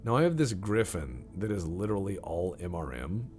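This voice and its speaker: A man's voice: sits low, very animated, moderate pace, darkish tone, soft background music. A man streaming a game and talking casually, rambling in a joking, mock-serious way.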